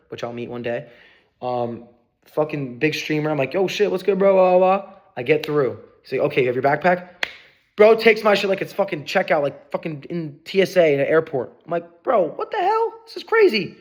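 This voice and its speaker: A young man vlogging, telling a personal story in a casual, excitable way. He swears often and acts out the dialogue he quotes. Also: on the high side, a little fast.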